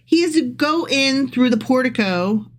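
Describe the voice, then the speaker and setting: Woman cohost w a higher voice, snarky and swears a lot, casual podcast banter. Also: normal speed. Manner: sarcastic, profane, animated. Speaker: podcast co-host. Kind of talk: casual chat reading scripture.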